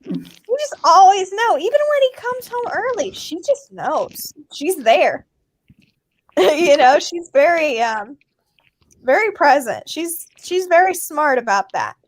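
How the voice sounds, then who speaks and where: A woman's voice: very high voice, very animated, takes it slowly, no echo. A woman hosting a casual chat, talking about her dog in a chatty way. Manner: chatty, laughs easily. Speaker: host.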